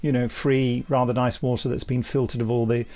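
A man's voice: medium pitch, little pitch movement, brisk, mellow. Chatty man, co-host. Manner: chatty, rambling, laughs often. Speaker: podcast co-host. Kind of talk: casual chat.

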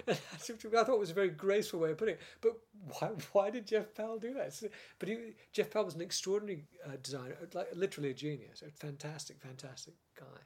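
An older British man, a former script editor, telling stories in a casual interview with lively laughs and frequent restarts. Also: high voice, fast, hardly any pauses, husky. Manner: animated storyteller, laughs often, many restarts.

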